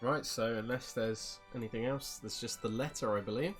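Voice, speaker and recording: A game master running a tabletop game, relaxed and quick to laugh. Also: mid-range voice, faint music behind.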